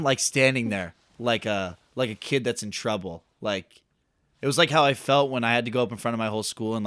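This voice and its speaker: A man's voice: lowish voice, fairly bright tone, no room sound, clean studio sound. A young man co-hosting a podcast, telling a self-deprecating story in a rambling way full of "like". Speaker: podcast co-host. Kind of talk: casual storytelling chat.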